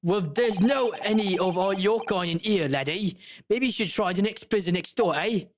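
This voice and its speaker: A woman voicing a gruff, hostile male prison governor with a put-on Cockney-style accent. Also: medium pitch, normal speed, background noise, lightly acted. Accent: put-on Cockney-style British. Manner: gruff, blustering.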